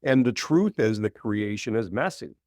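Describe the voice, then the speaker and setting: A middle-aged man, a minister guest on an interview show, telling a story thoughtfully with frequent pauses and ums. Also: fairly low pitch, expressive, a little mellow, dry recording, studio quality. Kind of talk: conversational interview.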